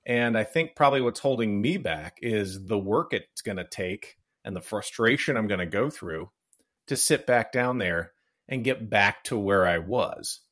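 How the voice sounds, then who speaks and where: Low-voiced podcast host, reflective and halting. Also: male voice, expressive, a bit bright. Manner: reflective, halting, many fillers. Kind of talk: casual interview chat.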